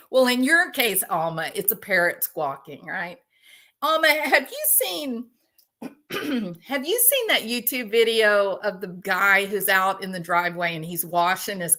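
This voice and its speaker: A woman hosting a casual chat with her viewers, telling animated stories and laughing often. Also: mid-range voice. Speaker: host.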